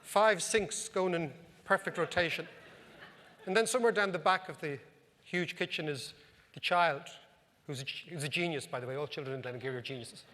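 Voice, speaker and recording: A man's voice: fairly high pitch, fairly quick, pushed and bright. An Irish man, an economic commentator, telling wry anecdotes in a humorous talk to a live audience. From Ireland. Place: club function room. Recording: reverberant hall.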